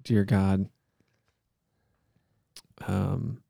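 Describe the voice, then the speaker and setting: A man's voice: low voice, completely flat delivery, extremely slow, gravelly, mellow, no room sound, studio quality. A man hosting a casual podcast, joking around and putting on a mock-solemn prayer. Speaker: podcast host.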